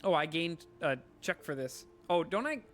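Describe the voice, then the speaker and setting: A man streaming a video game, chatting in a joking, excitable way and reading the game's text aloud. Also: on the high side, normal speed, faint music behind.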